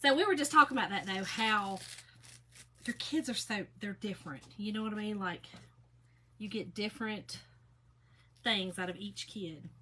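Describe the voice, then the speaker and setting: Working on a craft at her table, a middle-aged woman talks casually with people watching her livestream, her manner homey and chatty. The voice is mid-range, clear and bright, at normal speed with long pauses, over a faint background hiss.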